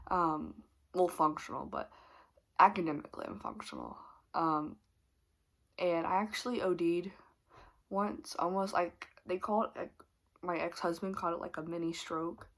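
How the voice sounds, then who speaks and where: A woman's voice: on the low side, lively intonation, normal speed, creaky, long pauses. A young woman vlogger telling a candid, rambling story with lots of fillers and laughter. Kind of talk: storytime confession.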